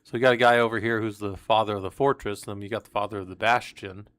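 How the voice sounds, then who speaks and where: A man's voice: lowish voice, steady tone, fast, fairly bright tone, clean tone, dry recording. A man reading research papers aloud on a live stream and commenting casually between passages, with fillers and restarts. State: coughing, hiccups.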